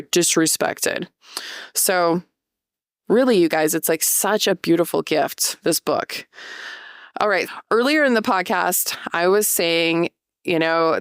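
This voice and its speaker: A woman in her thirties hosting a casual solo podcast, chatty and animated, acting out little quoted voices. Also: lowish voice, dry recording, studio quality. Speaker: podcast host.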